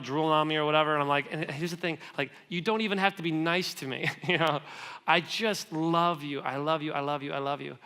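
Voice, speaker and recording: A man in his thirties preaches as a guest speaker in a church, telling personal stories in a relaxed, conversational way. His voice is bright and sits slightly high for a man. He pokes fun at himself and acts out the dialogue of the people in his stories. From United States. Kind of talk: storytelling sermon. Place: church auditorium.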